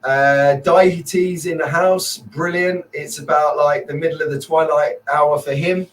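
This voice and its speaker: Male stream host, chatty and cheerful, pitched a bit high, recorded from a distance. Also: fairly even intonation, unhurried. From Merseyside, England. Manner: chatty, upbeat, rambling, greets viewers by name. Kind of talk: casual live stream chat.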